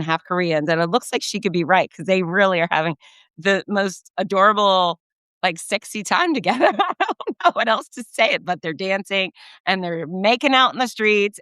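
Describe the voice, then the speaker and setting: A middle-aged American woman hosting a podcast, talking in a casual, gushing monologue that jumps up in pitch when she gets excited. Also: clean tone, no echo, studio quality. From United States. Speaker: podcast host.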